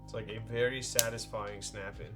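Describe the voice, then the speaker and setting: A man's voice: on the low side, steady tone, moderate pace. Laid-back streamer guy, music behind. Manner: laid-back, greets chat with "yo" and "dude". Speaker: streamer building a keyboard. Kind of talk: casual live-stream chat.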